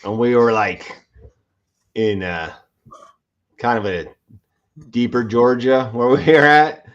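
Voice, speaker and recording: A man's voice: mid-range voice, fairly even intonation, slow pace. Profane laid-back man telling stories. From Pennsylvania. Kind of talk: casual chat on a livestream. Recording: dull lo-fi audio.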